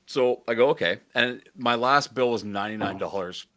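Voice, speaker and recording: A man's voice: medium pitch, normal speed. A man co-hosting a live show, telling stories in a casual, joking chat and laughing often. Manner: animated, laughing storyteller. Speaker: co-host.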